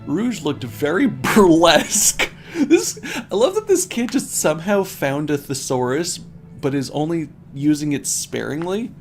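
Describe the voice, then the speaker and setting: A man's voice: on the high side, sing-song, unhurried, faint music behind. A man on a stream reading bad fan fiction aloud as comedy, often laughing and breaking off to mock the text.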